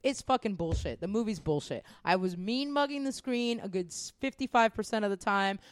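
A young woman hosting a podcast, ranting casually and profanely about a movie in animated, rapid-fire bursts. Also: mid-range voice, no room sound. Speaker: podcast host.

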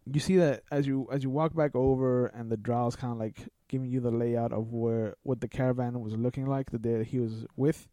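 A man's voice: medium pitch, flat delivery, fairly quick, hardly any pauses, mellow, no echo, studio quality. A man running a tabletop game as game master, narrating scenes in a loose, descriptive way with lots of "like" and "kinda".

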